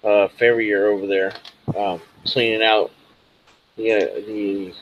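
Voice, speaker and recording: A man's voice: lowish voice, flat delivery, takes it slowly, muffled recording. A man narrating a tabletop role-playing game as game master, casual and rambling with many fillers.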